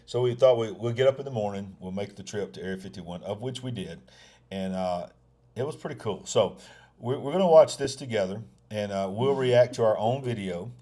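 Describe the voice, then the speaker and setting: A man with a fairly low voice hosts a live talk show, chatting casually with his viewers. His delivery is folksy and loose, full of restarts and repeated phrases. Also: a little fast, mellow. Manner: folksy, repeats himself, addresses viewers directly. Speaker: host of a live news show.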